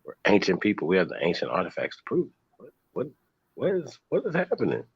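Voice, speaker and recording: Very deep gravelly man, lo-fi. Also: wildly swooping pitch, quick pace, dry recording. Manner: laid-back, rambling, restarts. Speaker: host. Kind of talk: casual livestream chat.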